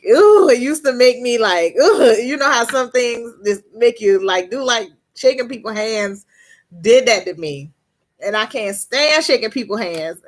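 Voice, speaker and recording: A woman's voice: fairly high pitch, fairly bright tone. A woman chatting casually on a live stream, laughing often, reading out and answering viewers' comments by name, and trailing off and restarting her sentences.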